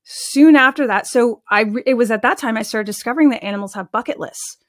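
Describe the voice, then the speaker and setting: A woman with a somewhat high voice tells stories in a lively, conversational way as a podcast guest. She talks in an animated, chatty manner and scatters "like" through her sentences. Her voice sounds dry and close, with no room echo. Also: fast. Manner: chatty and animated, with frequent "like" fillers. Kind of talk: casual storytelling in an interview.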